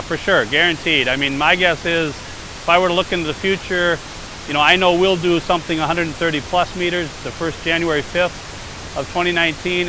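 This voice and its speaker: A man's voice: fairly high pitch, noisy background. A man from Minnesota talking casually in an on-the-spot interview, loose and chatty with plenty of fillers, standing outdoors on a frozen lake. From Minnesota, USA. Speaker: interviewee, former world record holder.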